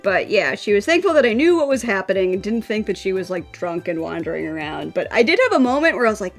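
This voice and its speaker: A young woman from the American Midwest, co-hosting a live stream and telling a story in casual chat, animated and laughing as she acts out the other people. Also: medium pitch, fast talker, few pauses, faint music behind. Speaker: co-host.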